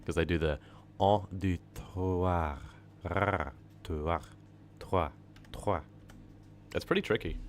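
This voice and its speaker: Deep-voiced New streamer chatting. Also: male voice, measured pace, darkish tone, slight background noise. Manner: rambling, chatty, hums and sings to himself. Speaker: horror story narrator and live streamer. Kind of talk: casual live-stream chat. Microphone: streaming microphone.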